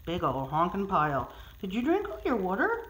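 A woman's voice: lowish voice, wildly swooping pitch, normal speed, fairly bright tone, slight background noise, low-quality recording. Woman cooing sing-song baby talk. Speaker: pet sitter visiting a cat. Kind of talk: casual talk to a pet. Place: client's home, indoors. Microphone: handheld phone camera.

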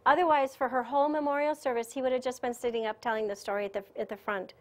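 A woman's voice: on the high side, fast. Chatty woman telling a story to a room. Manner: chatty, animated storyteller who laughs often. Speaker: spiritual teacher giving a lecture. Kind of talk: conference lecture, personal storytelling. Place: conference room.

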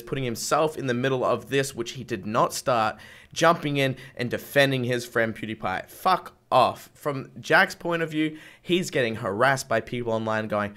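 A man's voice: mid-range voice, fairly bright tone. A man on a podcast panel disagreeing with the others, defensive and profane as he argues. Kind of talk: heated podcast debate.

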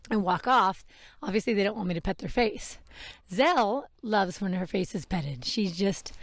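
A podcast host and horse trainer chats casually outside while grooming her horse, rambling and laughing at her own slip-ups as she corrects them. Her voice is mid-range, captured on a wearable microphone without room sound.

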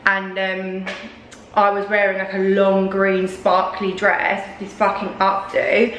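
A woman's voice: medium pitch, completely flat delivery, slow, a bit bright. Chatty young woman vlogging. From England. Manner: chatty, swears casually, lots of fillers. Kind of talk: casual vlog chat.

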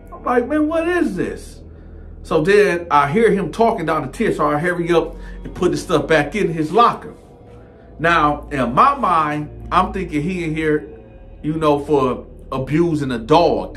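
A man with a high-pitched voice tells a story in a casual, animated way. He acts out each character as he goes and keeps dropping a filler word at the ends of his lines. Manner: animated, acts out all parts, repetitive filler 'man'. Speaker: storyteller, channel host.

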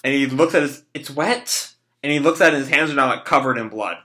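A man's voice: medium pitch, quick pace, sharp tone. A young man reading and reacting to a manga chapter in casual, rambling talk with swearing and lots of fillers.

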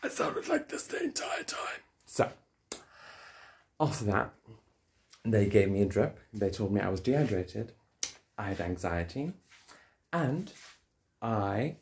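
A low-voiced man with a South African English accent talks straight to the camera. He tells a personal story in a casual, joking way and swears freely. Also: slight background noise. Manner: swearing, joking, animated retelling. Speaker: vlogger.

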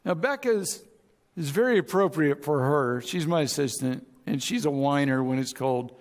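A man's voice: a little high, animated, moderate pace, big-room sound. A man preaching a sermon as pastor, speaking conversationally and acting out both sides of arguments. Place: large church auditorium.

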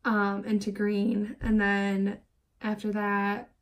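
A woman's voice: mid-range voice, monotone, takes it slowly. A young woman in her twenties telling rambling stories while doing her makeup for a get-ready-with-me vlog. She fills her talk with "like" and vents with exasperation. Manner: rambling, lots of filler "like"; exasperated, venting. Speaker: beauty vlogger. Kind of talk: chatty get-ready-with-me storytelling.

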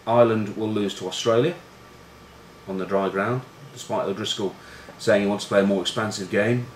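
Speaking briskly in a steady, somewhat low voice, a middle-aged man who once played rugby rambles through casual anecdotes full of curses, fillers and jokes at his own expense. Echo fills the roomy space, with faint background noise.

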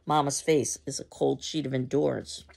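A woman's voice: very deep voice, steady tone, normal speed, creaky, darkish tone, breathy edge. A woman explaining a play to a class and reading its stage directions aloud, with frequent fillers.

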